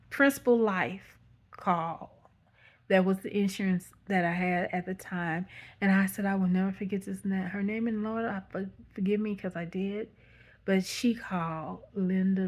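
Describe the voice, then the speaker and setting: A woman's voice: mid-range voice, a bit bright. A woman with a Texan accent telling a personal story in a loose, rambling way, often correcting herself and saying "y'all.". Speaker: vlogger. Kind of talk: casual storytime.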